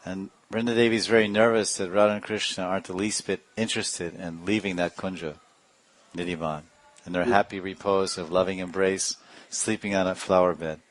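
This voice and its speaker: Low-voiced man telling devotional stories. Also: brisk. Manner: animated storyteller with sound effects and asides. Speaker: spiritual teacher. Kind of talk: devotional storytelling class.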